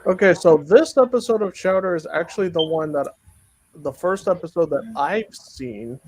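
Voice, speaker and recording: A man's voice: sits high, normal speed, slight background noise, low-quality recording. A man in casual chat, talking in a hesitant, meandering way. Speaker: co-host.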